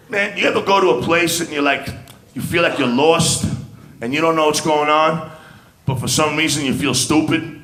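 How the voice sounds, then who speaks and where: A man's voice: on the high side, normal speed. A man with a New York accent doing a stand-up set, brash and streetwise, punctuating lines with "man". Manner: brash, streetwise, punchy delivery with frequent "man". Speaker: stand-up comedian. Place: comedy club stage. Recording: echoey club with loud crowd laughter.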